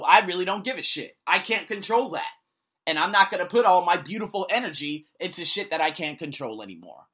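A man who hosts an ESL podcast, ranting to camera with blunt profanity. He swings between loud outbursts and low muttering. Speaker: vlogger and ESL podcast host. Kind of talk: angry opinion rant to camera.

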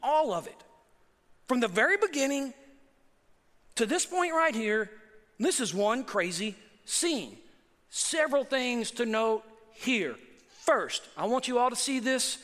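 High, bright-voiced preacher in a hall. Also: male voice. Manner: emphatic, rhetorical questions and asides to the congregation. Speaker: pastor. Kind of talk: sermon. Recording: long hall reverb.

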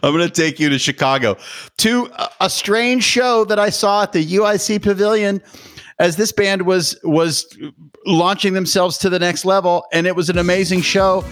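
A man's voice: high-pitched, normal speed, fairly bright tone, no room sound. A man hosting a remote podcast, teasing his guest and running a made-up game with playful, game-show flair. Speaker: podcast host. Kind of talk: casual podcast chat. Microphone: remote podcast mic.

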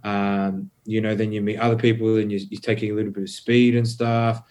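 A man's voice: on the low side, flat delivery, a little fast, a little mellow, faint music behind. Laid-back man, casual storytelling. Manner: laid-back, filler-heavy, swears freely. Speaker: podcast guest.

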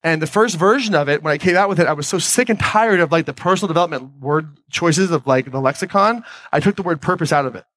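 Energetic man giving a motivational talk. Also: fairly high pitch, quick pace, dry recording. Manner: energetic, conversational, addresses the audience with questions. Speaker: podcast host giving a talk on stage. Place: stage before a live audience.

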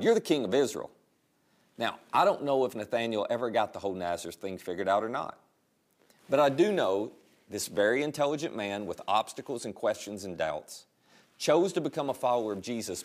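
A male pastor preaching a sermon in a conversational, storytelling way. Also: medium pitch.

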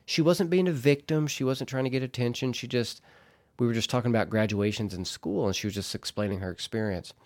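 A man's voice: mid-range voice, fairly quick, a little mellow. A man hosting a casual solo podcast, telling a story in a chatty, rambling way and laughing at himself.

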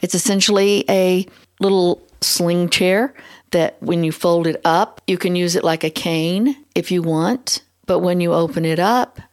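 A middle-aged woman hosting a podcast, telling her own story in an earnest, expressive way that often speeds up. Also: fairly low pitch, measured pace. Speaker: podcast host. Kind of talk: personal storytelling monologue.

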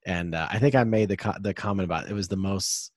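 Low-voiced man hosting a chatty podcast. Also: fast, darkish tone, dry recording, clean studio sound. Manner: rambling, upbeat hype-style introductions. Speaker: podcast host. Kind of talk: casual podcast chat.

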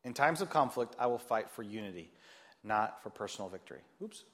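A man preaching a sermon as pastor, animated and joking, acting out the voices he quotes. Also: on the low side, fairly quick.

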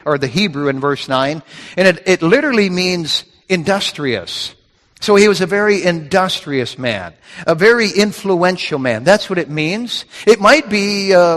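A man's voice: a little high, fairly bright tone. A man preaching a sermon from scripture, with emphatic, repetitive phrasing that builds in intensity. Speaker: pastor. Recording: reverberant hall.

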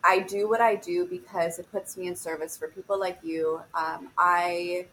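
A woman's voice: fairly low pitch, steady tone, normal speed, a bit bright, slight background noise, poor audio. A woman fitness instructor, a guest on a podcast, talking in an earnest, motivational way and searching for her words. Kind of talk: casual podcast conversation.

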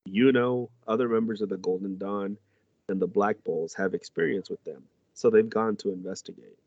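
Casting: man reading a measured noble captain, low voice, dry dull sound. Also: fairly even intonation, darkish tone, dry recording. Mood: serious. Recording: dull lo-fi recording.

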